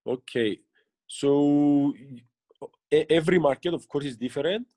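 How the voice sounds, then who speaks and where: A man's voice: on the high side, unhurried, dark tone, no echo. Earnest man giving coaching advice. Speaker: interviewed business leader. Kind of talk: motivational interview answers.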